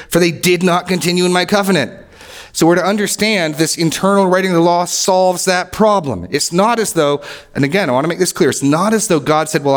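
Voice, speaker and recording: A man preaching an expository sermon, earnest and emphatic, repeating key lines and dropping low and quiet to stress a point. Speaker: pastor.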